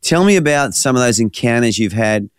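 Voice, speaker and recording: A man hosting a faith interview, asking questions in a relaxed, conversational way. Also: medium pitch, fairly quick, clear, resonant tone, no echo, clean studio sound. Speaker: interview host.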